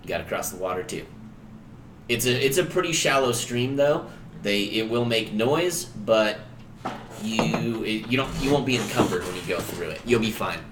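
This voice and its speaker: A man's voice: fairly low pitch, animated, normal speed, noisy background. A man narrating as game master in a loose, filler-heavy, chuckling way. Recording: echoey room.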